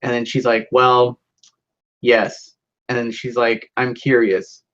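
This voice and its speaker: A man's voice: mid-range voice, little pitch movement, slow pace, a bit bright. A young man rambling through a story in casual chat with a friend, with many fillers and swearing. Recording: dull lo-fi sound.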